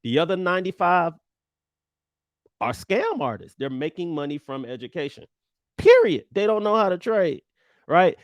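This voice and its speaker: A man teaching an energetic online trading lesson, animated, emphatic and blunt with his viewers. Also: fairly high pitch, normal speed, dry recording. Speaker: trading coach.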